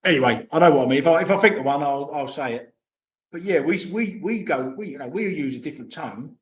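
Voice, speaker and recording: A man's voice: a little high, expressive, fast talker. An older man, chatting casually and rambling to viewers on a livestream, swearing freely. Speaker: vlogger. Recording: roomy echo.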